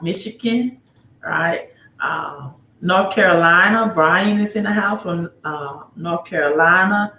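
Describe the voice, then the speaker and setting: A woman's voice: fairly low pitch, slow, pushed and bright, slight background noise. Woman, livestream host, casual rambling talk, rhetorical questions, roomy echo. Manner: rambling, greets viewers by name, asks rhetorical questions. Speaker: livestream host giving financial advice.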